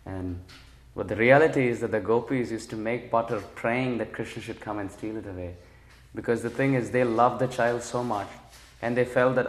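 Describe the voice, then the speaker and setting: A man teaching a religious class, retelling sacred stories and explaining their meaning with lively quoted lines. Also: medium pitch, normal speed. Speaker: spiritual teacher. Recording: echoey room.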